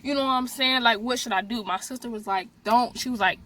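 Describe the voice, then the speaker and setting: A young woman vlogger telling a story in a casual, animated way, speaking straight to her viewers. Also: a little high, fairly quick, few pauses. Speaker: beauty vlogger. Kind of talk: storytime vlog, casual chat.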